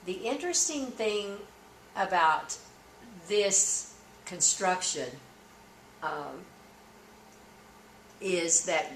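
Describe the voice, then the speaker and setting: A woman's voice: on the low side, animated, fairly bright tone, a little hiss or hum. Woman dictating punctuation aloud, echoey. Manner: measured dictation, then explaining points. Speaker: court reporting instructor.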